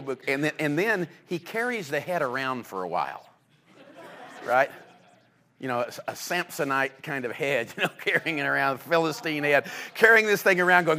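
Animated male preacher, slightly high voice. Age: adult with children. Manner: animated storytelling, acting out quoted voices. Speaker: pastor. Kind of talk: sermon.

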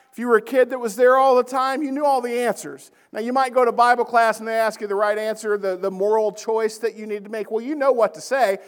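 A man's voice: extremely high pitch, long reverb tail. A man teaching a church Bible lesson in a conversational way, often checking in with the class and reading scripture aloud.

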